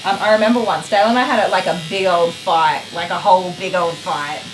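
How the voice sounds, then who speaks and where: A woman's voice: fairly low pitch, steady tone, brisk, background noise. An Australian woman in her thirties, a dog groomer chatting casually and rambling with frequent laughs while she works. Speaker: dog groomer streaming live. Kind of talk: casual chat while working. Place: grooming salon. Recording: echoey room with loud clipper buzz.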